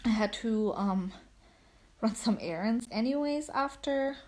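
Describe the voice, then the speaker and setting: A woman's voice: fairly high pitch, animated, measured pace, darkish tone. Breathless woman chatting casually. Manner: chatty, rambling, many "like"s. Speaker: vlogger. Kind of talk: casual chat. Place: at home on a couch.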